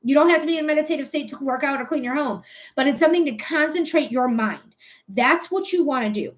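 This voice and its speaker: A woman's voice: high voice, fast. A young woman giving a live psychic reading in a chatty, blunt way, swearing casually. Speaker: psychic reader.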